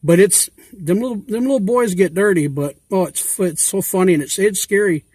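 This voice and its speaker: A man with a fairly high voice chats on and on in a loose, rambling vlog style, full of fillers and homespun grammar. The sound is dry and close, with no room echo. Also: moderate pace, darkish tone, breathy edge. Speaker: YouTuber asking giveaway questions. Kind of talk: casual rambling vlog talk.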